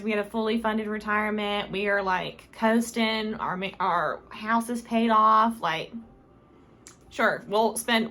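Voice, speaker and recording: A woman's voice: medium pitch, sharp tone, a little hiss or hum. A young woman vlogger giving casual advice to camera, chatty and rambling, with many fillers and self-corrections. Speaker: lifestyle vlogger.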